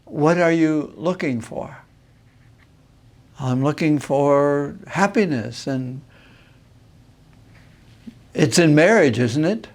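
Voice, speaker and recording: A man, a Jesuit priest, giving a reflective teaching talk on marriage, thoughtful and unhurried, pausing to find his words. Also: on the high side. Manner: unhurried, thoughtful, pauses with filler sounds. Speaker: Jesuit priest and retreat master.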